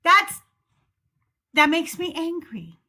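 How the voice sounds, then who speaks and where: A woman's voice: extremely high pitch, expressive, slow pace, sharp tone. A woman hosting a podcast in casual chat, blunt and heated, swearing freely. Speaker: podcast host.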